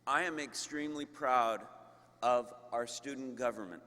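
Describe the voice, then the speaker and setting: A man giving a commencement speech to graduates as a university leader, slow and emphatic with deliberate pauses. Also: medium pitch, bright, forceful tone. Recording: long reverb of a large hall.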